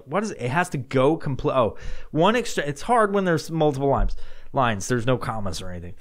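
A man hosting a casual solo podcast, rambling and swearing as he answers listener questions. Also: mid-range voice. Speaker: podcast host.

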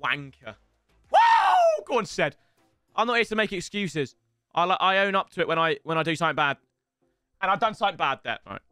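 A young man commentating casually over a football video game, excitable and swearing, with sudden shouts and mutters. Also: high voice, quick pace, clear, resonant tone, no echo, clean studio sound, soft background music. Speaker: gaming streamer.

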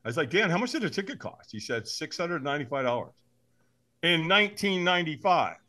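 A man speaks in a higher, bright voice that rises and falls all over the place. He tells his story in an animated way, acting out the voices of others and laughing often as a podcast guest. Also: fairly quick.

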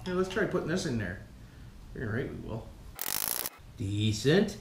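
Man, casual DIY vlogger, salty and folksy, lively sing-song delivery, echoey shop with loud clanking tools. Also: medium pitch, measured pace, noisy background. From Canada. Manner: folksy, swears a lot, keeps calling viewers "boys". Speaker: vlog host rebuilding an engine. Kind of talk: casual workshop vlog. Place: home workshop, working with tools. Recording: echoey room with loud tool clatter.

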